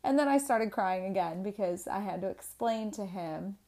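Twenty-something mom venting a personal story, raspy fry in her voice, gets loud and high when she's worked up. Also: moderate pace, few pauses. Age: 20s. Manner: candid and animated, rising in pitch and loudness when upset, many restarts. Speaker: single mother sharing a personal story. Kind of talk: emotional personal storytelling to camera.

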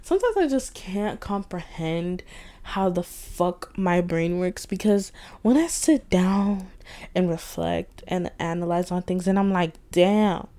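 A woman's voice: on the low side, lively intonation, a little slow, warm tone. A young woman hosting a solo podcast, talking in a loose, rambling, candid way with lots of slang and swearing. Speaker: podcast host. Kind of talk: late-night solo venting monologue.

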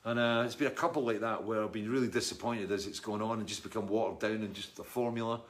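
Middle-aged Scottish musician, casual live chat, wry and rambling, lowish voice. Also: male voice, fairly even intonation, fast talker. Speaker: musician answering viewer comments.

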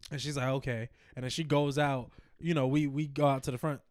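A man's voice: medium pitch, fairly even intonation, a little fast, darkish tone, no room sound, clean studio sound. A man co-hosting a casual podcast, telling a long story with lots of laughter and acted-out quotes. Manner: rambling, laughs often, acts out quotes. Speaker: podcast co-host.

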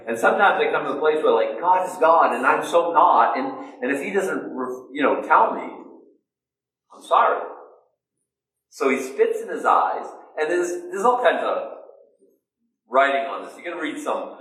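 A man's voice: a little high, moderate pace. A man preaching a sermon in a loose, conversational way, asking himself questions and answering them. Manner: conversational, self-questioning, animated. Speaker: pastor. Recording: echoey room, mic at a distance.

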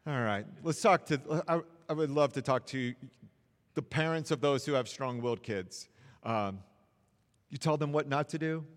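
A man's voice: mid-range voice, normal speed, in a large hall. A man preaching a sermon in an earnest, encouraging way, repeating phrases for emphasis. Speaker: pastor.

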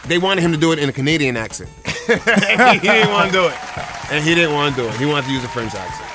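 A man's voice: fairly high pitch, expressive, music in the background, crowd noise. A man co-hosting a morning radio show, telling celebrity gossip in casual banter. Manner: gossipy, quick storytelling.

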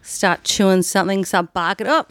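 A woman co-hosting a podcast from home, chatting and teasing in a playful, giggly way and sliding into squeaky high voices for a laugh. Her voice is mid-pitched and sounds close and dry, with no room around it. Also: moderate pace, fairly bright tone, no room sound. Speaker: podcast co-host. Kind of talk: casual banter. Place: home, with dogs nearby.

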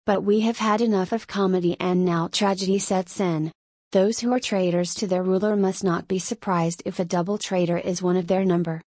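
A woman's voice: lowish voice, steady tone, darkish tone, no room sound, clean studio sound, natural voice. A woman reading a stern, ironic king. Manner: measured and deliberate. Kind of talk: audiobook reading.

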